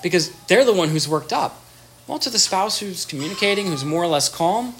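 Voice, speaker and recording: A therapist talks through everyday advice in a casual, animated way, with pitch that swings widely. Bits of imagined dialogue get acted out in different voices, and words often get repeated or restarted. Faint noise sits under the recording. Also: brisk. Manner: animated, acts out little dialogues in changing voices.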